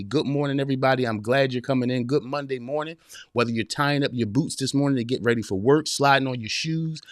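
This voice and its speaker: A man's voice: mid-range voice, dry recording, studio quality. A man in his forties hosting a live-streamed motivational podcast, talking straight to his listeners in a casual, preachy way, repeating his points and calling them y'all and man. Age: 40s. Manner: preachy, direct address with repetition. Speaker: podcast host.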